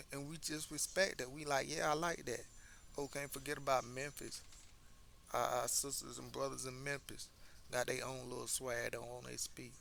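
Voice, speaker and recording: An American man with a mid-range voice delivers a casual commentary monologue, hammering his points home and tripping over repeated words as he restarts. His voice is gravelly and creaky yet bright and forward, with a faint hiss of background noise underneath.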